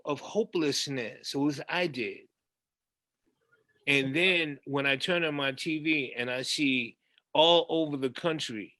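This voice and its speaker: A man's voice: a little high, bright, forceful tone, no room sound. A man on a discussion panel, talking in an emphatic, frustrated way.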